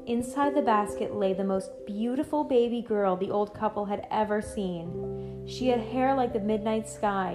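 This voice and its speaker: A woman storyteller reads a bedtime story aloud at a middle pitch, gentle and even. Soft instrumental music plays clearly behind her narration.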